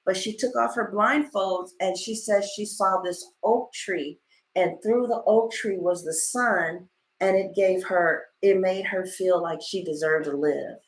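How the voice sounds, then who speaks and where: A woman tarot reader in a casual livestream, telling stories in an animated, blunt way and swearing freely. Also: medium pitch, a little slow.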